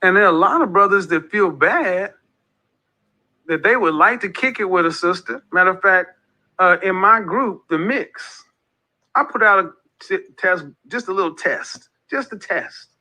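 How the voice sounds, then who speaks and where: A man's voice: high voice, lively intonation, normal speed, bright, forceful tone, rough recording. A man in his forties hosting a casual monologue, talking emphatically and repeating phrases like a preacher. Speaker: host of a men's group talk.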